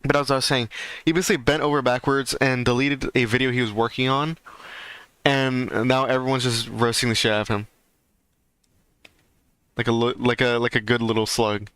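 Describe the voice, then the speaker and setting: A man's voice: medium pitch, flat delivery, normal speed, pauses often, fairly bright tone, clean tone, no echo. A man chatting casually on a livestream, rambling and ranting with lots of fillers. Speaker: streamer.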